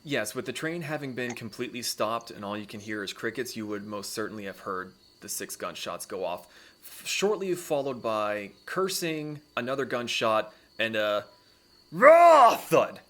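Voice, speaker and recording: A man's voice: on the low side, a bit bright, slight background noise. Man narrating as game master. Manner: descriptive, measured narration with fillers. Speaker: dungeon master.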